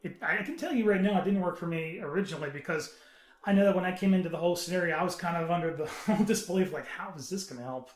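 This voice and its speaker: Male podcast panelist, high voice, earnest and halting, in a roomy echoey room. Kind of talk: casual podcast chat. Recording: roomy echo.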